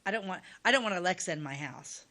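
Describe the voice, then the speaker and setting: A woman's voice: fairly low pitch, animated, quick pace, sharp tone. A woman co-hosting a casual chat show, talking in a chatty way and laughing often. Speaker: co-host.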